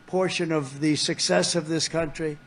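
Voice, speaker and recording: A man's voice: fairly high pitch, fairly even intonation, normal speed. An older man giving a rally speech, rambling and repeating himself as he meanders through asides. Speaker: politician speaking at a rally.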